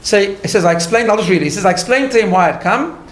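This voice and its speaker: A man, a rabbi, giving a conversational lecture, telling a story in an animated way with light laughter at his own asides and frequent restarts. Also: high voice, rapid-fire, reverberant. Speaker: rabbi teaching a class.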